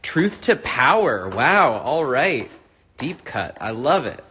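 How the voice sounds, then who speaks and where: A man's voice: mid-range voice, big pitch swings, slow, bright, forceful tone, breathy edge. A man off camera, casually reading out viewer requests to the host. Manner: laid-back, reads off requests. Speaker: off-camera crew member reading comments. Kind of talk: casual chat.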